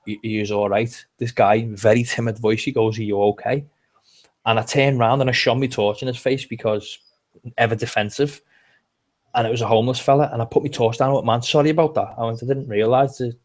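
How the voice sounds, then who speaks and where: A man's voice: medium pitch, fairly even intonation, brisk, a little mellow. A man with a Liverpool accent, co-hosting a casual chat and telling rambling stories with lots of restarts. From England. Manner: chatty storyteller, rambling with restarts. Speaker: podcast co-host.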